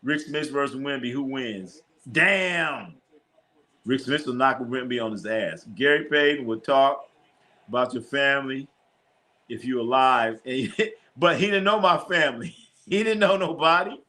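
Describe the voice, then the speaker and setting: A man hosting a casual live sports stream, telling animated stories in a slangy way and swearing freely. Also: mid-range voice, unhurried. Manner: animated storytelling, acts out his own lines.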